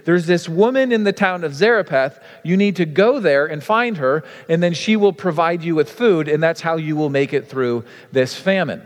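A man's voice: fairly high pitch, animated, moderate pace, hardly any pauses, big-room sound, lightly acted. A man voicing God, speaking in a casual, reassuring way, in his own voice.

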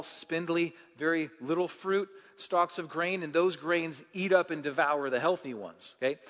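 A pastor delivers his sermon in a fairly high male voice, sometimes climbing into loud passion and sometimes easing into casual storytelling. The recording is a little dull and muffled. His words ring out with a long reverb, as in a large hall. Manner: rising to loud impassioned delivery, then easy conversational storytelling with fillers.

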